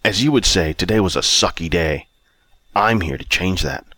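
A man's voice: sits low, animated, normal speed, pushed and bright, no echo, full character voice. A man reading an audiobook, voicing an impatient older man who sighs a lot and turns out to be the narrator's future self. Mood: earnest. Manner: sighing, impatient.

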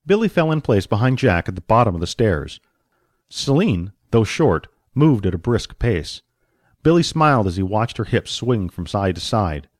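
A man narrating an audiobook story with expressive storytelling and varied pacing. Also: on the low side, no room sound, studio quality.

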